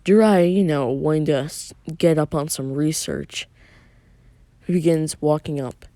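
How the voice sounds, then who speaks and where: A man's voice: on the high side, measured pace, mellow, no echo. A young man casually reading out a fan-fiction story, loose and offhand with asides.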